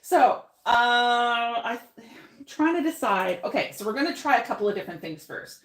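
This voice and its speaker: A woman's voice: a little high, lively intonation, moderate pace, roomy sound. A woman hosting a live paint-along. She chats with her viewers, thinks aloud and laughs often while she works. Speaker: painting host.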